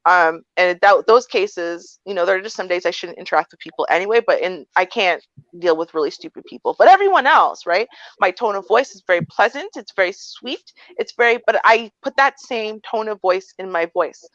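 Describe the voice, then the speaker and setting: A woman co-hosting a casual livestream chat, telling stories with animated flair and acting out voices. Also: medium pitch, fairly quick, few pauses, no room sound, dull audio. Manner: animated storytelling, acts out a sweet confused voice. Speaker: co-host.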